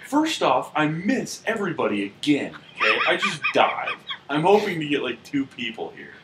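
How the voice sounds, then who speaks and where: Rowdy laughing man with wild pitch swings. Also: moderate pace. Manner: rowdy, laughing, swearing, excitable. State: intoxicated. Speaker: let's play host. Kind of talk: casual gameplay commentary. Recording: echoey room with loud noise.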